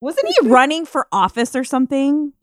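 A woman's voice: high voice, sing-song, normal speed, no echo. A woman chatting casually on a podcast, asking questions and laughing. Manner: curious, asks questions, laughs. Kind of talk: casual chat.

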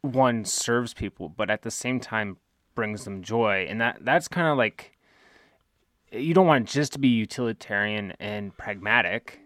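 A man's voice: lowish voice, measured pace, a bit bright, no room sound. A man co-hosting a podcast, explaining ideas in an easygoing way with lots of fillers. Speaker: podcast co-host. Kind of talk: casual chat.

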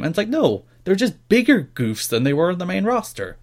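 Animated, mocking male podcast co-host. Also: high voice, brisk, hardly any pauses. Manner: animated, mocking, often laughing. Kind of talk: casual chat.

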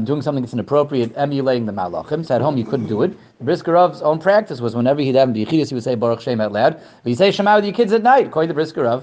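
A man teaching an informal Torah class, halting and repeating words, pushing his voice up to stress a point. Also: a little high, a little mellow, highs cut off.

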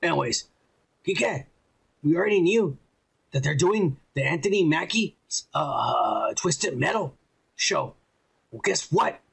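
A man's voice: on the high side, lively intonation, slow pace, creaky, pauses often, fairly bright tone, breathy edge. A man hosting a podcast in profane casual chat, bossy and swearing, cutting his co-host off.

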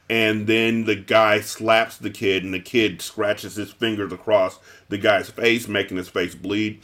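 Brief: middle-aged man, lowish voice, loose chatty storyteller, lots of fillers. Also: flat delivery, unhurried, few pauses, a bit bright. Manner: rambling with frequent fillers and restarts. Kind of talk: casual chat, retelling a story.

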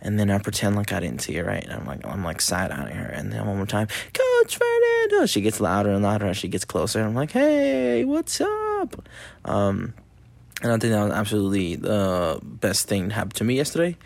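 A man's voice: on the low side, fast, vocal fry, no echo. A young man, a youth soccer coach, chatting casually into a mic, rambling, swearing freely and acting out what people said. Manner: loose and rambling, swears a lot, acts out quotes. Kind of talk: casual solo chat on a mic. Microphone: talking into a mic.

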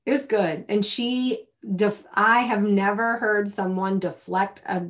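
Chatty, animated woman podcast co-host. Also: mid-range voice, measured pace. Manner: chatty, animated, laughs often. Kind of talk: casual chat.

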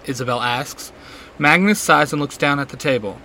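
A man reading a fan fiction story aloud in a plain, steady way with small slips. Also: medium pitch, normal speed, a little hiss or hum. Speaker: reader.

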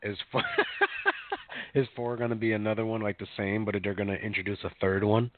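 Male podcast co-host, low register, rambling casual delivery, lo-fi phone-like audio. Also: little pitch movement, a little fast, no room sound. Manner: rambling, filler-heavy storytelling with mock voices. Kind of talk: casual chat. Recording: tinny phone-like dry sound.

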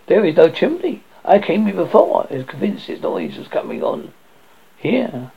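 A man reading aloud and voicing an agitated, excitable male lawyer who stammers, in a raspy, gravelly voice on a dull lo-fi recording. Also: fairly high pitch, normal speed, exaggerated voice.

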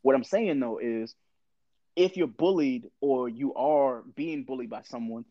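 A man's voice: mid-range voice, unhurried, no echo, highs cut off. A man in his thirties with a candid, profane storytelling manner, talking in a casual conversation.

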